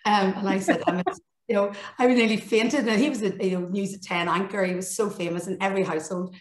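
A Northern Irish woman in her fifties, a journalist telling an animated anecdote on a panel. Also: medium pitch, quick pace. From Northern Ireland. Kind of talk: storytelling on a panel. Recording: roomy echo.

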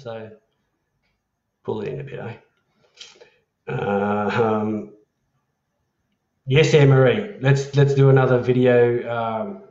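A man's voice: medium pitch, a little mellow, roomy sound, lo-fi sound. An Australian man hosting a casual livestream, chatting matey and swearing freely while reading out viewer comments. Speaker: livestream host.

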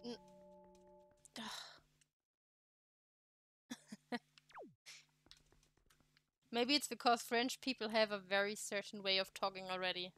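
German-accented woman streamer, unhurried, bright voice, casual and swearing, self-deprecating chat. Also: medium pitch, steady tone, clean tone, no room sound, faint music behind. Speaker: let's play streamer.

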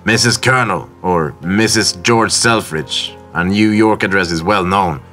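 An elderly, wealthy grandfather who speaks with earnest, old-fashioned feeling, as a male storyteller puts him on. The voice is low but bright and forward, with faint music behind it. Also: measured pace. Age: older.

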